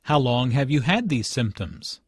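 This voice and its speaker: A man playing a calm doctor in a slow, measured scripted language-learning dialogue. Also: mid-range voice, slightly rough, no room sound, studio quality. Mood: advising. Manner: slow, measured textbook delivery. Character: calm adult male doctor.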